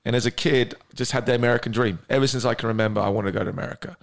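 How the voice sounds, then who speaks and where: Relaxed English man as a podcast guest. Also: mid-range voice, racing, creaky. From England. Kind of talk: casual interview chat.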